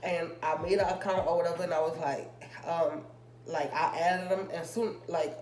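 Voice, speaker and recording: A young woman with a lowish, steady, darkish voice vlogs about something personal, with a little hiss or hum in the audio. Her casual talk rambles with drawn-out fillers, and faint music sounds in the echoey room.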